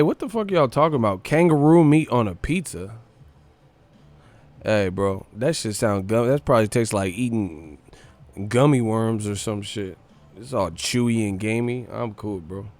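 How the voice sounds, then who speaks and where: A man hosting a livestream casually reads out comments, swearing and using slang and often cracking up laughing. His voice is medium-pitched and a little mellow, with no echo.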